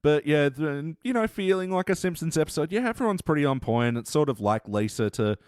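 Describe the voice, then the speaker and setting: A man's voice: fairly high pitch, expressive, fairly quick, a little mellow, smooth, dry recording, clean studio sound. A man hosting a podcast in casual chat, talking easily and laughing often. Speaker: podcast host.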